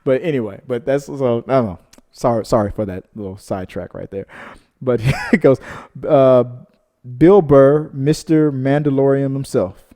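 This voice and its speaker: A man with a mellow, dark-toned voice reads viewer comments aloud on a casual reaction show. He keeps wandering off into side stories and then apologizes for them. His pitch is average for a man. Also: moderate pace. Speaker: co-host of a reaction channel reading viewer comments. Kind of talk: casual chat.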